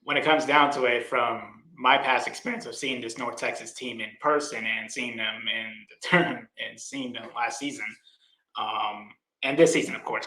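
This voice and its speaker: A man's voice: medium pitch, bright, forceful tone, roomy sound, rough recording. A man co-hosting a sports podcast, giving a prediction in a hesitant way with small laughs. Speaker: podcast co-host. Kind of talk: casual sports podcast chat.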